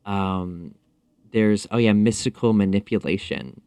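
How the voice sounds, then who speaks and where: Low-voiced man, halting and thoughtful. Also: darkish tone, clear, resonant tone, no room sound. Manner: thoughtful, halting, many fillers. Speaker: podcast guest. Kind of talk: casual interview conversation.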